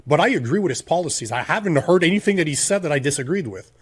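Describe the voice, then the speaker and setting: A man's voice: on the high side, lively intonation, quick pace, slightly rough. A man in his forties with a French Canadian accent, French his first language, co-hosting a political podcast in an emphatic, ranting way full of rhetorical questions. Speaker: podcast co-host.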